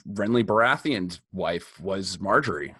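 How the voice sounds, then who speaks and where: A man's voice: low voice, expressive, unhurried, pushed and bright, breathy edge, no room sound, clean studio sound. A young man co-hosting a podcast in casual chat, blunt and joking, laughing as he tells stories. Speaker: podcast co-host.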